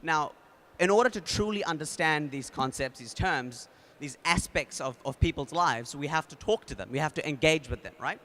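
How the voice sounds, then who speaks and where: A man with a New Zealand accent speaking at a conference, casual and energetic, with many fillers and restarts. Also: fairly high pitch, moderate pace, few pauses, slight background noise. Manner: energetic, leads the audience in a game. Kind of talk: conference talk.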